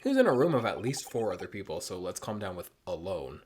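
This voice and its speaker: Man streamer, tipsy and a bit hoarse, rambling jokey game chat, voice jumping all over. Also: deep voice, sing-song, quick pace, darkish tone, a little hiss or hum. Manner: rambling, self-mocking, jokey. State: mildly tipsy. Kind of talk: casual gameplay commentary.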